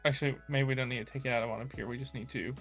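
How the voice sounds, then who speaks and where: Young guy from America, coding vlogger who mutters and thinks out loud, soft music in the background. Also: mid-range voice, fairly even intonation, rapid-fire. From United States. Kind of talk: casual live coding chat.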